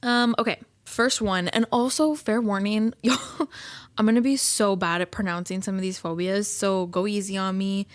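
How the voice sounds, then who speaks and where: A woman chats through a casual solo podcast, giggling often and leaning on fillers. Her voice sits at a middle pitch. It is recorded close and dry, with no room sound. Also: fairly even intonation, moderate pace, dry recording. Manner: chatty, giggly, full of fillers. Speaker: podcast host.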